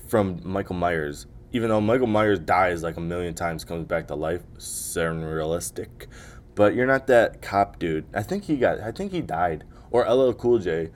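A solo podcast host with a low-pitched, slightly mellow voice rants and jokes casually, cursing freely and doing mocking impressions. A little hiss or hum sits in the recording.

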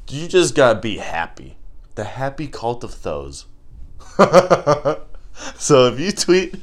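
A man's voice: medium pitch, wildly swooping pitch, moderate pace. A young man hosting his own podcast, ranting casually with lots of swearing, rambling jokes and loose asides. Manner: profane, rambling, loose and joking. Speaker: podcast host. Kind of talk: casual comedic rant.

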